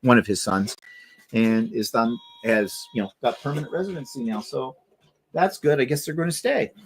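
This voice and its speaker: A man's voice: mid-range voice, normal speed, a little hiss or hum. A middle-aged man from Canada, a livestream host telling stories in casual chat and acting out the voices of the people he quotes. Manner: animated storyteller, acts out quoted voices.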